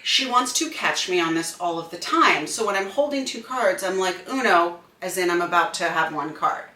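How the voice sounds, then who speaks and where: A woman's voice: fairly low pitch, normal speed, distant mic. A woman in her thirties co-hosting a podcast, telling stories in casual chat and acting out quoted lines. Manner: animated storyteller, acts out quoted voices. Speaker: podcast co-host. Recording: echoey room, off-mic.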